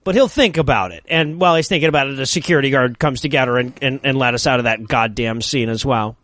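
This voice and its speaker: A man's voice: mid-range voice, quick pace, fairly bright tone, no echo. A man co-hosting a comedy podcast, wryly recapping a movie's plot with jokes. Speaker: podcast co-host.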